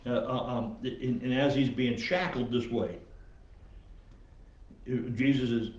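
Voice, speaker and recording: A man's voice: medium pitch, slow pace, a little mellow, highs cut off. Man, pastor, conversational sermon, many fillers, distant mic, echoey church. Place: church sanctuary.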